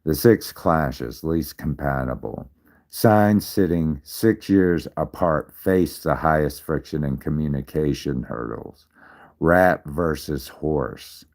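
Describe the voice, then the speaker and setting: Very deep-voiced man explaining slowly. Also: creaky, a little mellow. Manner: repetitive, counts aloud, checks in with "all right?". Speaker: livestream host. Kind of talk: casual explainer on zodiac signs.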